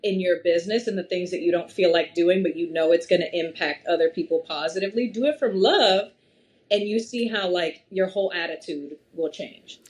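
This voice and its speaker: Animated woman guest telling stories. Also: fairly low pitch, a little fast. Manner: animated storytelling with frequent laughs. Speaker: podcast guest. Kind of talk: casual conversation.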